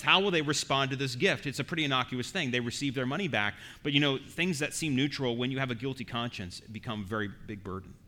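Bright-voiced male preacher. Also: medium pitch. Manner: earnest, emphatic preaching with frequent word repeats. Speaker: pastor. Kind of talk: expository sermon.

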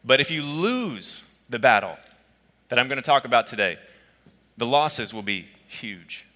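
A man preaching a sermon as a pastor, telling a personal story in a conversational, lively way. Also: medium pitch, unhurried, in a large hall. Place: church auditorium.

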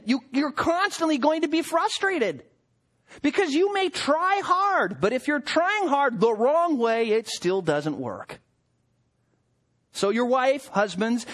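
A man preaching a sermon to husbands, with a joking, storytelling delivery. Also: very high-pitched. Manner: humorous, animated storytelling. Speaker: pastor.

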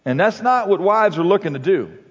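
Halting, conversational man in a reverberant hall. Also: high-pitched, animated, slightly rough. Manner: conversational, halting, with frequent restarts and "you know". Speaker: speaker on marriage and parenting. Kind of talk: sermon-like talk with anecdotes and quotes. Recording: dull recording with long hall reverb.

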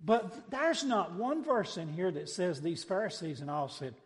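A pastor preaching a sermon, swinging between quiet conversational asides and loud, emphatic cries. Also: male voice, high-pitched, animated, moderate pace, in a large hall.

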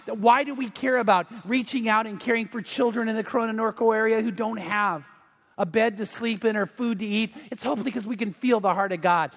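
Middle-aged male pastor, high-pitched and earnest, preaching in a big church with long reverb. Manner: earnest, swells louder on emphatic points. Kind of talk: sermon. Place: large church sanctuary.

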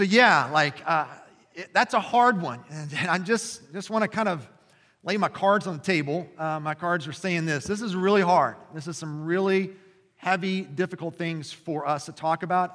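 A man's voice: fairly high pitch, a bit bright. A man in his forties preaching as a pastor in a church, passionate and conversational, with frequent fillers and restarts. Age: 40s. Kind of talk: sermon. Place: church sanctuary. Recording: long reverb in a church hall.

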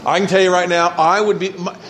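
A man's voice: sits high, little pitch movement, a little fast, fairly bright tone, a little hiss or hum. A male pastor preaching a conversational sermon, acting out mock voices as he talks.

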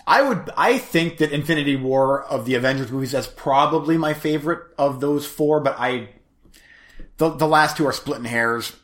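A man's voice: on the high side, moderate pace. Easygoing married man chatting. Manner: easygoing, rambling, self-deprecating. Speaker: podcast co-host. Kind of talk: casual chat.

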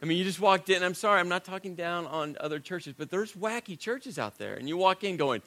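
A middle-aged man preaching a sermon, telling a personal story in a conversational, self-deprecating way and dropping to a hushed voice at serious moments. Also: high voice, expressive, fairly quick, hardly any pauses. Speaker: pastor.

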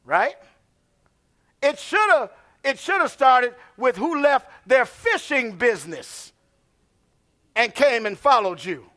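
A man preaching a sermon as pastor. He swings from hushed asides to shouted lines and calls out to the congregation. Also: very high voice, very animated, takes it slowly, pauses often.

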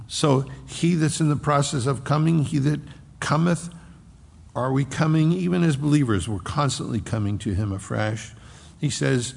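A man preaching a sermon as pastor, emphatic, moving between raised and hushed delivery and explaining scripture with homely asides. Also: fairly high pitch, unhurried, creaky, in a large hall. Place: church sanctuary.

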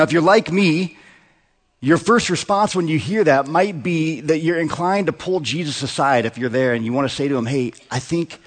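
A man in his thirties preaching a sermon in a conversational way, often asking the congregation rhetorical questions. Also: fairly high pitch. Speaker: pastor. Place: church sanctuary. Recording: long hall reverb.

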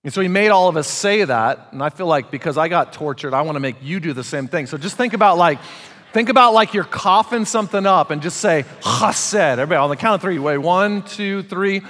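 A man preaching in a church auditorium, his voice slightly high for a man and carrying a long hall reverb. He talks casually and animatedly, tossing questions out to the congregation. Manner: animated, conversational preaching with audience call-outs. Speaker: pastor. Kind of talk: sermon.

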